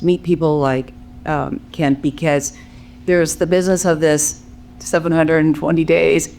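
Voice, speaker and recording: A panel moderator praising a guest and introducing the next speaker, measured with frequent fillers. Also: mid-range voice, a little mellow, a little hiss or hum.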